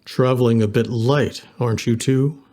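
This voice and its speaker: A large bearded man acting as a self-important guard, slow and suspicious in his speech, as a narrator voices him. The voice stays at a middling male pitch, close to the narrator's own. An audiobook bully taking his post too seriously. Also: steady tone, mellow, close to an everyday voice. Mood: officious.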